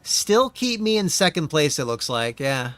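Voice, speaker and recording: A man streaming a racing game, commenting as he plays with constant profanity, exasperated ranting and sudden yelled outbursts. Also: fairly high pitch, very animated, unhurried, slight background noise. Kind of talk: live gameplay commentary.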